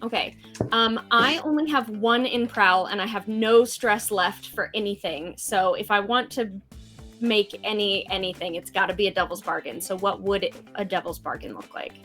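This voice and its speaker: A woman's voice: medium pitch, fairly bright tone, soft background music. A woman playing in a tabletop game, playful and dramatic in her casual talk. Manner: playful and dramatic, quick laughs. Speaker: player.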